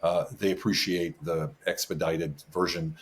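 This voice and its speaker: A fairly low-pitched American man talks as a guest in a relaxed interview. He tells stories with animated energy and frequent chuckles. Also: a little slow. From United States. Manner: animated storyteller, chuckles often. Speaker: podcast guest, business advisor. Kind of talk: casual interview talk.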